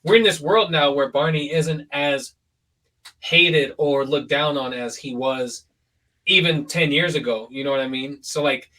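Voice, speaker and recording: A man's voice: a little high, measured pace, recorded from a distance, rough recording. Young man hosting a chatty podcast, a little off-mic. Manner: relaxed and rambling, full of fillers and likes. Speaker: podcast host. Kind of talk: casual podcast chat.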